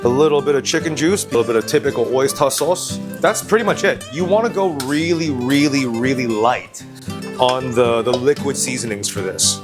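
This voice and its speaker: A man's voice: medium pitch, normal speed. A young man from China hosting a casual cooking demonstration, blunt, joking and often profane as he explains each step. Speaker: chef and cooking video host. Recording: music playing underneath.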